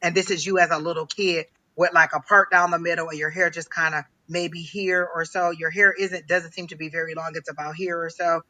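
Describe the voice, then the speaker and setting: A man giving a live psychic reading on a stream, talking in a halting way, repeating phrases with many ums. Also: on the high side, flat delivery, bright, forceful tone, rough recording. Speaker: psychic reader.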